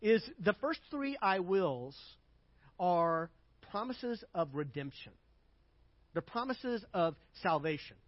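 An older male pastor preaching with a high voice, driving hard on repeated phrases and then falling into soft, chatty asides. The sound is dry and a bit dull. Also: big pitch swings, slow pace, dry recording. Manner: emphatic preaching, builds to loud repeated phrases, drops to asides. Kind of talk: sermon.

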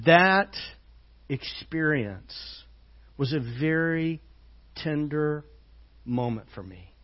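Soft-spoken halting male pastor. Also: a little high. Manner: halting, many fillers, often drops soft and slow on tender lines. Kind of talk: sermon. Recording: dull lo-fi church audio.

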